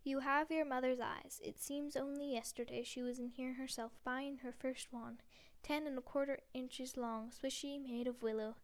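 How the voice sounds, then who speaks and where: A woman voicing an eerie, fussy elderly male wandmaker, speaking in a measured, softly insistent way in a storybook reading. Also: high voice, fairly even intonation.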